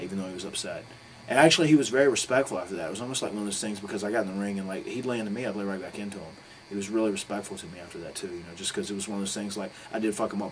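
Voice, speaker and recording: Fast-talking man telling a story. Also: fairly low pitch, a little hiss or hum, rough recording. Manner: rapid storytelling, acts out quotes with sudden loud bursts, swears freely. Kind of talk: casual shoot interview storytelling.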